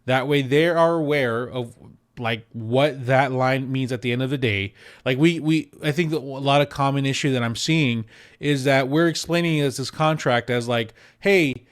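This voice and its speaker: A man who works as a real estate agent, giving casual advice to camera in an animated way, repeating words for emphasis and acting out quotes. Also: mid-range voice, moderate pace. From United States.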